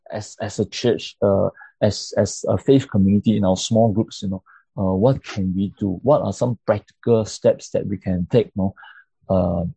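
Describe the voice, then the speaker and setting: A man teaching a church class on grief and pastoral care with slides. He speaks haltingly, with many fillers and repeated words, and keeps checking in with his listeners by asking "right?". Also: lowish voice, creaky, dark tone, husky, no echo. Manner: checks in often with tag questions like "right?". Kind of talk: interactive lecture with slides. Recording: dull lo-fi recording.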